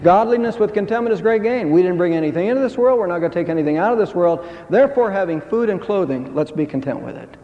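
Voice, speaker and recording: Male pastor, emphatic preacher, higher-pitched voice, lo-fi recording in a big echoing church. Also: expressive, fast talker, few pauses. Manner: emphatic preaching, rising pitch on key phrases. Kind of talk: sermon. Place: church sanctuary. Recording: dull sound with long hall reverb.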